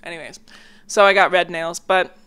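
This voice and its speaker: Her voice sits on the low side, smooth and fairly bright, with a steady tone and normal speed. She's a young woman hosting a casual solo podcast from home near a hallway, chatty, rambling, full of fillers, and slightly congested.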